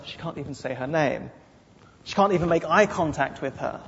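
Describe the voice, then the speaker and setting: A man's voice: fairly high pitch, a little slow, gravelly. A man preaching a sermon with dramatic storytelling and repeated phrases. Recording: dull lo-fi sound with long hall reverb.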